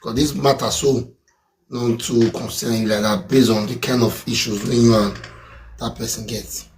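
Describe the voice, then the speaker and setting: A Nigerian-accented man hosts a live stream talk show in casual Pidgin, loud like a hype man, breaking into chants and song. His medium-pitched voice is steady at a moderate pace, though the audio is poor.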